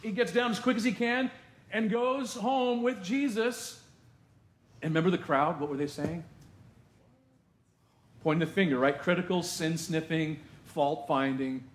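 A male pastor preaching a sermon to his congregation in a lively, conversational way, with asides to the room. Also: sits high, a little slow, long pauses, echoey room. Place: church sanctuary.

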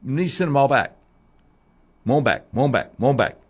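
A man hosting talk radio, delivering a monologue that swings from a low grumble to high mocking tones. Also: expressive, fast, breathy edge.

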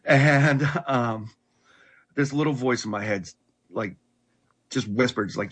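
A middle-aged man earnestly telling his life story in conversation, halting and restarting often. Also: medium pitch, a bit bright, breathy edge. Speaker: guest telling his testimony.

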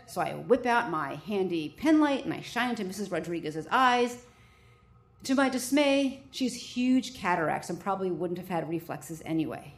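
A woman's voice: on the low side, animated, normal speed. A woman doctor telling a vivid, self-mocking first-person story to a live audience.

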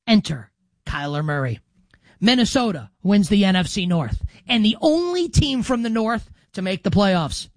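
A man in his thirties hosting a football predictions show, brash and animated, swinging from loud to soft for emphasis. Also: high-pitched, no room sound. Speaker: sports radio host.

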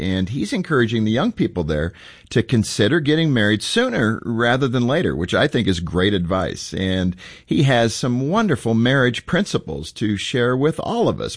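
A man's voice: mid-range voice, slightly rough. A man hosting a radio show, chatting enthusiastically about the guest with small fillers. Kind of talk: conversational broadcast chat.

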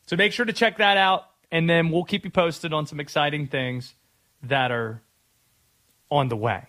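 A man's voice: a little high, fairly bright tone. A man hosting a sports radio show in a casual, rambling way. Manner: rambling, stammering restarts.

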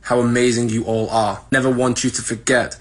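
British man, husky, earnest speechy message. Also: medium pitch, little pitch movement, brisk.

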